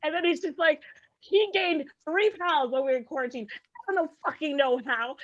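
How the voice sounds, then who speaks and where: A high-pitched woman works through a stand-up set with dry sarcasm. She keeps the tone loose and chatty and checks in with "right?" as she goes. The recording comes across dull and muffled. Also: fairly quick. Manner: sarcastic, conversational, peppered with "like" and "right?". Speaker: stand-up comedian. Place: comedy show stage.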